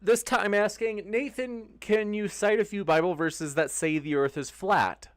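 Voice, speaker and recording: A man moderating a live online debate and reading out viewer questions. His voice is slightly high and recorded dry, with no room sound. He speaks in a polite, hesitant way and uses plenty of filler words. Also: measured pace, no echo.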